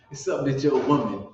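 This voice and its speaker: A man preaching on the street, profane and fiery, teaching from scripture and swinging from mutters to shouts. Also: mid-range voice. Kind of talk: street sermon with scripture reading. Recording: roomy dull lo-fi recording with faint noise.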